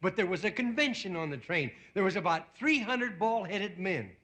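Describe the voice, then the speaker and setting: A man's voice: sits high, expressive, moderate pace, background noise. A man in his fifties from Indiana hosting and telling a rambling stand-up monologue, stumbling over words and laughing at his own jokes, on a television studio stage. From Indiana, USA. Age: 50s. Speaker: comedian and host. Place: television studio stage before a live audience. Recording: roaring studio audience over an old TV broadcast.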